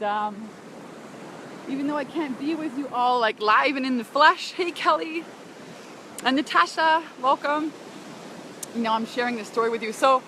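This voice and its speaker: A woman with a high voice streams live to her followers as she walks along a beach. She talks in an effusive, emotional way, laughs and sighs often, and greets viewers by name. Faint outdoor noise and passing cars sit behind her voice. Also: fairly bright tone. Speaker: business coach broadcasting live to followers. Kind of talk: casual live-stream chat.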